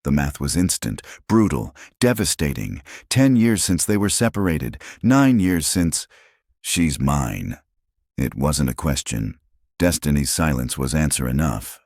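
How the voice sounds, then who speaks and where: Very deep male storyteller. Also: very animated, measured pace, a little mellow, no room sound, studio quality. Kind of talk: scripted story narration.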